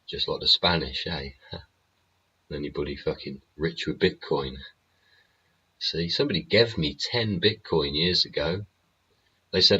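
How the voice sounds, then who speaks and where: A man's voice: rumbling low, measured pace, pauses often, bright, forceful tone, slightly rough, lo-fi sound. A man hosting his show in a casual, sweary, rambling monologue, laughing often. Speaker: show host. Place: home studio.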